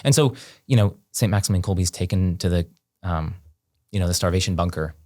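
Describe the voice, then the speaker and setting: A man with a very low voice recounts a story as a podcast guest, speaking casually and animatedly. He peppers his talk with "like" and "um." The sound is dry and close, with no room echo. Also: a little fast. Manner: animated, heavy on fillers like "like" and "um".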